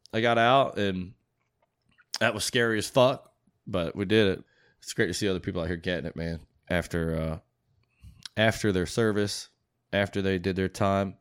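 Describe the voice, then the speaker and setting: A man's voice: deep voice, clean tone, no echo, clean studio sound. A man hosting a podcast in a loose, rambling, profane way, talking casually with plenty of swearing. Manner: rambling, profane, laid-back. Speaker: podcast host. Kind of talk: casual chat.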